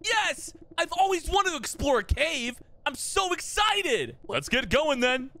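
A man voicing an eager young boy who is excited for an adventure. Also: extremely high pitch, moderate pace, pitched above the performer's own voice, exaggerated voice.

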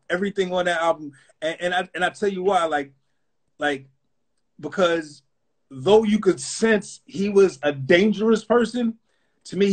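A man, a rapper and interview guest, telling a story in a loose, rambling, casual way, full of fillers. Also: a little high. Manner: loose and rambling, full of fillers like "you know what I'm saying".

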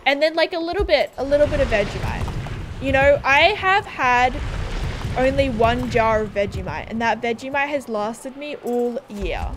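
A woman's voice: high-pitched, expressive, a little slow, noisy background. Chatty young Australian woman streaming a game. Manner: chatty, rambling, giggly, reads viewer comments aloud. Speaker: livestreamer. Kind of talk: casual livestream chat while gaming.

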